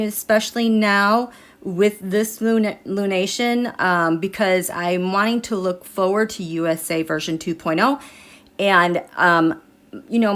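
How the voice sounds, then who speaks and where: A middle-aged woman hosts a live tarot and astrology stream. She talks in a loose, chatty way, gets emotional, and often breaks off and restarts her sentences, her voice sitting at an ordinary middle pitch. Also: fairly bright tone. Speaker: tarot and astrology livestream host. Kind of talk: casual live chat.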